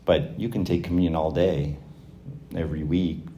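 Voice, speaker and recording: A man in his forties with a low, mellow voice gives a casual faith talk to young people. He speaks conversationally, breaks into little acted-out voices for the people he quotes, and often restarts his sentences with fillers. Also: fairly even intonation, normal speed, a little hiss or hum.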